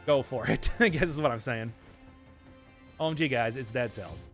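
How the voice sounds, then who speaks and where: A man's voice: mid-range voice, moderate pace, faint music behind. A young man from Wisconsin with a Midwestern accent, chatting and laughing through live game commentary with odd emphasis on words. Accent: Midwestern American. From Wisconsin, USA. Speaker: game streamer.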